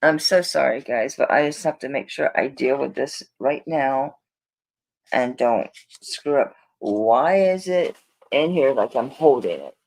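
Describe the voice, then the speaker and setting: A woman's voice: extremely low pitch, expressive, unhurried, a little mellow. A woman selling jewelry on a live stream, chatting to viewers in a flustered, rambling way while she searches through orders.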